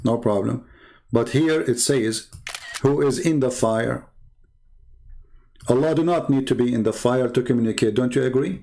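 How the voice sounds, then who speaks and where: A man's voice: mid-range voice, brisk, warm tone. A man with an Arabic accent hosting a live online debate, mocking his opponents with a string of rhetorical questions. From Arab world. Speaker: debate channel host.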